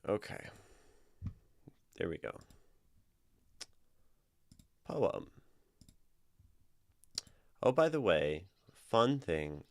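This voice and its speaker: A man's voice: deep voice, big pitch swings, very slow, pauses often, darkish tone. A man streaming a casual poetry critique, chatting in a rambling way with restarts and tag questions. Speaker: streamer reviewing community writing.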